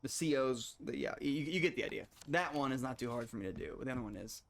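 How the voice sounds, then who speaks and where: A man's voice: medium pitch, lively intonation, fast, gravelly, a little hiss or hum. A man streaming a video game, chatting casually and rambling with restarts and asides to his viewers. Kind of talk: casual gameplay commentary.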